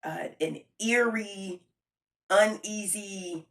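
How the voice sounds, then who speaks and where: Animated woman chatting to camera. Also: mid-range voice, very slow. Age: adult with a child. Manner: animated, emphatic, repeats points for effect; slangy, conversational, addresses viewers directly. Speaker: video creator reviewing a film. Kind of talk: casual chat to camera.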